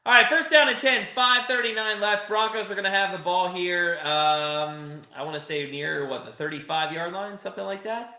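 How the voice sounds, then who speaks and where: Male streamer host, excitable live play-by-play chatter, bright forceful voice, roomy echo. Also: sits high, normal speed, few pauses. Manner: excitable, chatty, swears, reads chat. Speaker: livestream host. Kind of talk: live watch-party commentary.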